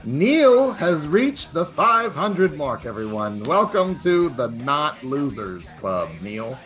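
A man hosting a casual sports podcast, reading standings quickly with teasing asides and fillers. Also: a little high, big pitch swings, a bit bright, soft background music. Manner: reads standings fast, teasing, filler-heavy. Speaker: podcast host.

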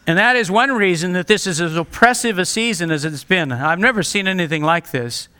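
Male pastor, sermon delivery, earnest and direct, bright forceful tone. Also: high voice, a little fast, smooth. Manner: earnest and direct, pleading with listeners.

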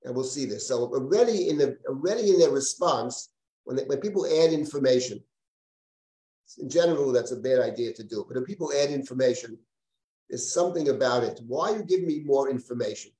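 A man's voice: mid-range voice, animated, fairly quick, mellow. A man, a rabbi, teaching a live Bible class, reading verses aloud and often restarting his sentences. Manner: digressive, repeats and restarts, reads Hebrew verses aloud. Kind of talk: live lecture. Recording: roomy live class recording.

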